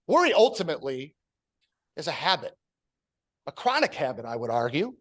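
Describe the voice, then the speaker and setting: At a public-speaking club meeting, the male host delivers a sincere, carefully paced prepared talk and then introduces the next speaker. His voice is on the high side.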